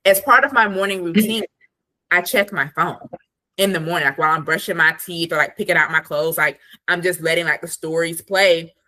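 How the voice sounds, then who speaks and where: A woman guest, an attorney and productivity coach, chatting casually on a podcast with lots of "like" and animated asides. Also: lowish voice, a little fast. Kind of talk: casual interview chat.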